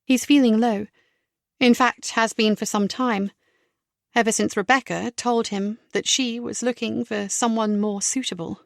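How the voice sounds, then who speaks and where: A woman narrating an audiobook in a measured, clear storytelling manner. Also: fairly high pitch, steady tone, dry recording, studio quality.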